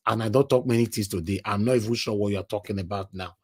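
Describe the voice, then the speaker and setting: A man's voice: fairly low pitch, fairly even intonation, quick pace, slightly rough. Chatty Nigerian man hosting a live stream. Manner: chatty, addresses viewers directly, mixes in pidgin. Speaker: live show host. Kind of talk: casual live-stream chat.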